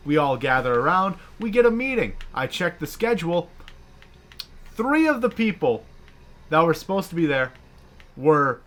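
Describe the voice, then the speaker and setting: A man co-hosting a casual gaming chat, telling a profane, animated story and acting out the people in it. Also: fairly high pitch. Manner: profane, animated, acts out quoted bosses.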